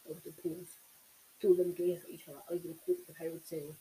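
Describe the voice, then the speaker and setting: Mellow-voiced audiobook reader. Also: medium pitch, fast talker, poor audio. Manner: steady narration with small slips. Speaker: audiobook reader, channel host. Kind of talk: reading a novel aloud.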